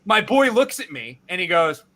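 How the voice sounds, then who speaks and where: A male podcast host telling a casual, animated story, swearing freely and acting out his own reactions. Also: high voice, normal speed, background noise.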